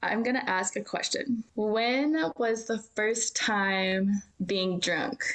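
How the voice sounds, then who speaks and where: Slow-talking laid-back young woman. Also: mid-range voice, fairly bright tone, low-quality recording. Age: young adult. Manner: laid-back, slangy, laughs easily. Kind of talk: casual chat.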